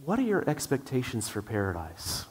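A man's voice: medium pitch, wildly swooping pitch, moderate pace, darkish tone, breathy edge. Earnest man preaching a sermon. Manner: earnest preaching with repeated restarts. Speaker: pastor.

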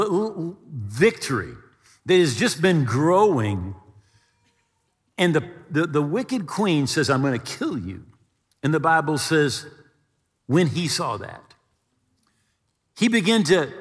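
A male pastor preaches with a lively, swooping delivery and a slightly husky tone. He retells a story with relish, lightly voicing its characters. His voice rings out in a large hall with a long reverb. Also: a little high. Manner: animated storytelling preacher, acting out voices and jokes. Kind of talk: sermon.

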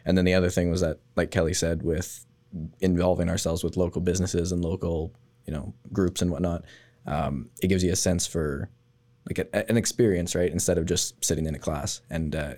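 A young man speaks with a very low-pitched voice as an interview guest. He talks in a relaxed, casual way with plenty of fillers. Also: fairly quick. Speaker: former student, guest. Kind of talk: podcast interview.

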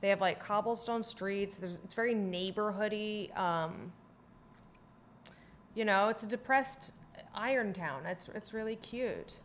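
A woman from the Phoenix area, co-hosting a casual chat and talking in a profane, animated and opinionated way. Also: medium pitch, measured pace, a little hiss or hum. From Phoenix area, Arizona. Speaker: podcast co-host.

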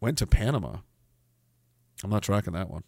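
A man hosting a livestream, reading chat comments with profane, sarcastic rants and loud mocking outbursts. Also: on the low side, expressive, normal speed, creaky, no room sound, studio quality. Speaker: livestream host.

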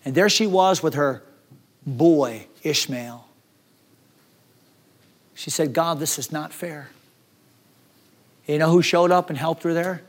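A man preaching a sermon as pastor, acting out the despairing words of the people in his story. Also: fairly high pitch. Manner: dramatic, acts out despairing voices.

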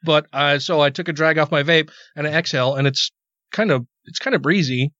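A man's voice: a little high, a little fast, bright, forceful tone, no room sound. A man hosting a podcast, telling a rambling story in casual chat, cursing freely and repeating words when worked up. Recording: dull, dry podcast audio.

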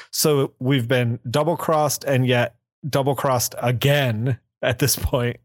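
A man co-hosting a comic book podcast, casually retelling a plot and slipping into quick voices for the characters. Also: mid-range voice, fairly even intonation, dry recording, clean studio sound. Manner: acts out quotes in quick voices.

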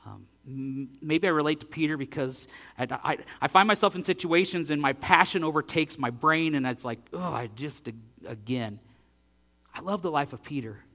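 A male pastor preaching a sermon and reading scripture aloud, acting out the dialogue with big swings in loudness. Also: fairly high pitch, brisk.

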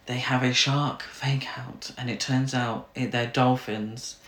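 A podcast co-host chatting casually about a film, animated, swearing and laughing often. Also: medium pitch, measured pace. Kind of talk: casual film review chat. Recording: roomy echo.

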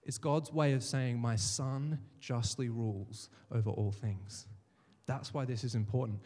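A man's voice: mid-range voice, warm tone. Storytelling male pastor in reverberant hall. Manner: storytelling, acts out quoted voices. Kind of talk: sermon.

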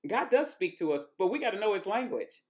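A woman's voice: medium pitch, big pitch swings, a little fast. A woman hosting a faith-based interview, conversational and prompting her guest with follow-up questions. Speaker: interviewer and host.

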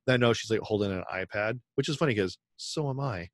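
Man, podcast co-host, lowish voice, rambling casual storytelling, acts out quotes, dry studio sound. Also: quick pace, no room sound. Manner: rambling, filler-heavy storytelling with acted-out quotes.

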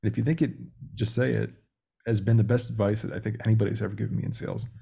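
A man's voice: lowish voice, steady tone, rapid-fire, gravelly, warm tone, slightly rough. A young man speaking as a podcast guest about sales, talking directly and acting out phone calls. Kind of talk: casual interview talk.

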